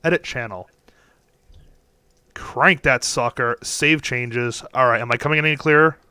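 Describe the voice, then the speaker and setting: Bright, crisp young man running a game. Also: medium pitch, normal speed, no room sound, studio quality. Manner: rambling, many fillers and restarts. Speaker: game master. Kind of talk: narrating a tabletop game over voice chat. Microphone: headset or desk mic on a voice call.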